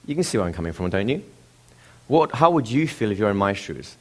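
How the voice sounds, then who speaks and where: Low-voiced man telling a lecture story. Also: brisk. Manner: animated, rhetorical questions to the audience. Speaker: seminar presenter.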